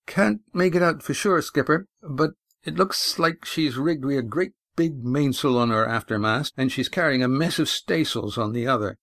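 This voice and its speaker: A man voicing a calm male sailor who keeps his voice carefully in control. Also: medium pitch, moderate pace, few pauses, dry recording, clean studio sound, voice pushed up, lightly acted. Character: calm, steady male sailor, jib hand.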